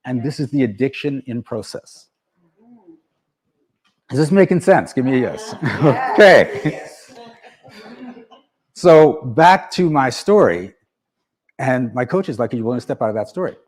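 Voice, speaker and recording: A man's voice: mid-range voice, a little slow, pauses often. A man giving a motivational talk to an audience, telling stories and acting out both sides of conversations. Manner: storytelling, animated, acts out both sides of dialogues. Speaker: speaker.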